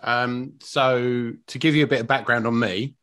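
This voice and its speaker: Brief: male podcast guest, mid pitch, blunt rambling storyteller. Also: steady tone, moderate pace, fairly bright tone. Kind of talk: casual chat.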